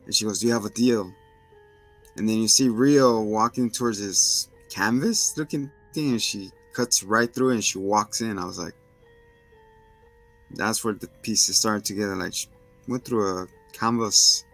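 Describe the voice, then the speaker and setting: Low-voiced man recapping a show casually. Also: a little slow, a bit bright, faint music behind, low-quality recording. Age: adult with children. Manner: retells scenes and acts out the characters' lines in a higher voice. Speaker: show host recapping a TV episode. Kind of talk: casual recap with acted quotes.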